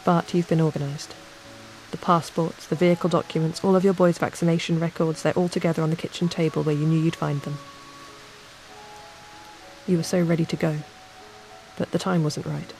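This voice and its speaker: A woman narrating a calm bedtime story in the second person, at an unhurried pace. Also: sits low. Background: soft ambient music.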